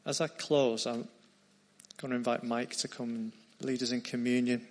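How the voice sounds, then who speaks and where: A man preaching a sermon, retelling a story earnestly and dropping into quieter tones. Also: mid-range voice, level tone, normal speed.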